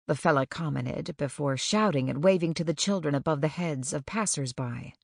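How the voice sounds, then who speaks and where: A woman reads an audiobook in a measured, even way. Her voice sits low with a gravelly edge. The recording is close and dry. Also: no room sound. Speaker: audiobook narrator. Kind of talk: scripted narration.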